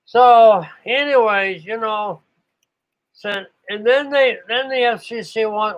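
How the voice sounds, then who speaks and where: A man's voice: high voice, slow. Rambling older man on a muffled recording. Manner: meandering, searches for names aloud. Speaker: radio operator. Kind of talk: rambling reminiscence.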